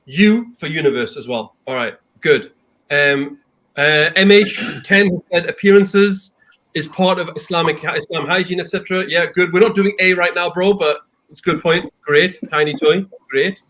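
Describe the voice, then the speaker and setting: A man hosting a casual panel chat, upbeat and encouraging with quick affirmations. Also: on the high side, fairly bright tone, slight background noise. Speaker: host.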